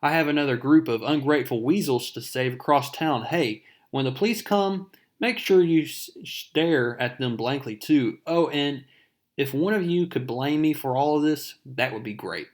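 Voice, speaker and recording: A man voicing a wisecracking young male superhero, reading his sarcastic quips in a brighter, louder voice. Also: on the high side, normal speed, natural voice. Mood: mocking.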